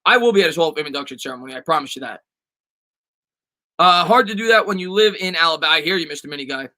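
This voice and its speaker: A man's voice: a little high, lively intonation, racing, pushed and bright, rough recording. A man hosting a casual live sports stream, reading viewer questions aloud and answering with lots of fillers and restarts.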